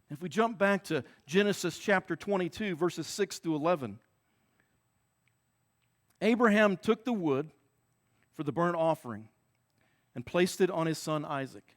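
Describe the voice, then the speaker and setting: A man with a high-pitched voice preaching a Sunday sermon. He talks earnestly and circles back to repeat key words and phrases to drive them home. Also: normal speed. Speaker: pastor.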